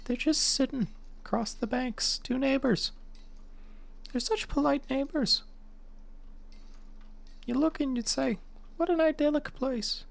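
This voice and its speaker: A man putting on a high-pitched mock Irish accent, telling a theatrical, sing-song tale. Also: unhurried, creaky, long pauses, heavily acted. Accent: put-on Irish.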